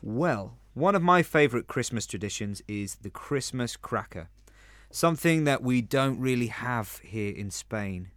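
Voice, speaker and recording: A man's voice: mid-range voice, expressive, measured pace, fairly bright tone, no echo. A man from London co-hosting a podcast, explaining customs with dry humour. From England (London). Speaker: podcast co-host. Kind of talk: casual scripted podcast chat.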